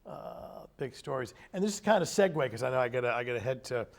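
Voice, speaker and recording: A middle-aged man from chats as a guest. His voice is gravelly at a mid pitch, and he talks haltingly with many restarts. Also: animated. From Rhode Island. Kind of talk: casual chat.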